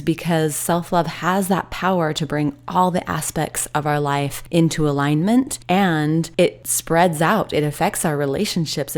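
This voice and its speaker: Low-voiced middle-aged lady telling a heartfelt personal story, earnest and reflective. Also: darkish tone. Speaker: hypnotherapist.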